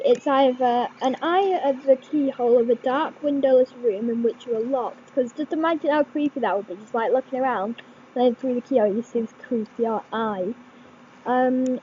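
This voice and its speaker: A woman's voice: fairly high pitch, mellow, highs cut off, a little hiss or hum. A young woman, chatting casually as she reads quiz questions aloud and thinks them through, with many fillers and restarts. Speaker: vlogger.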